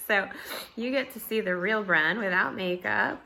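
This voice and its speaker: A woman vlogger with a scratchy, just-woken voice, chatting casually at home, relaxed and rambling with fillers and soft laughs. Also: medium pitch, takes it slowly, vocal fry. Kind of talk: casual morning chat to camera.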